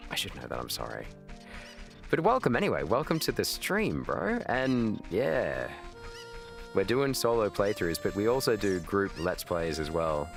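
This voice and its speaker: A man's voice: fairly low pitch, big pitch swings, a little slow, gravelly. An Australian man in his thirties chatting casually while streaming a game, swearing and answering his chat. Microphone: webcam. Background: video game music.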